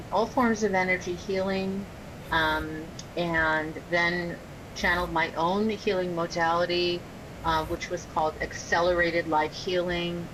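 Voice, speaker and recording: A woman guest on a podcast, an energy healer speaking in a measured way and listing terms one after another. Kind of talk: casual podcast interview. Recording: loud low rumble noise.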